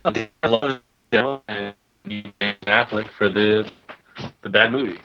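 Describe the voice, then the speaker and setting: A man's voice: fairly low pitch, steady tone, unhurried, over music. A man co-hosting a podcast in casual chat, remote on a phone app, speaking in short interjections and brief questions. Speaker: podcast co-host. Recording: dull lo-fi line from a phone app.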